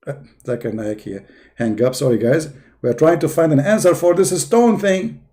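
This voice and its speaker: A man hosting a video, talking sarcastically in a mocking commentary and drawing out his questions slowly. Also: a little high, warm tone. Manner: sarcastic, with slow, drawn-out questions. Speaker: video host. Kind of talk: mocking commentary with a comic skit.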